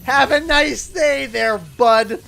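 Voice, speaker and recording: A man's voice: extremely high pitch, takes it slowly, creaky. A man with a Canadian accent, telling a story in a casual livestream chat and acting out the people in it. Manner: animated, acts out the people in his stories. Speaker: streamer.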